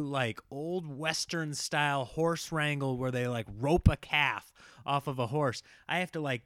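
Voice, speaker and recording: Man, thirties, casual storytelling, lively, dry close sound. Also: dry recording. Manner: animated, voices his kids in high squeals. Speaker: father telling a family story.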